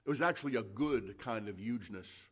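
A man preaching a sermon, impassioned and building to loud exhortation, calling his listeners friends, with frequent restarts and fillers. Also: fairly low pitch, fairly quick, slightly rough.

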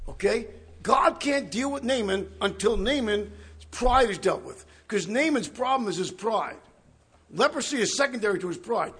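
A man preaching a conversational Bible study, animated and chuckling, often checking in with the listeners. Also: sits high. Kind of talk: conversational sermon.

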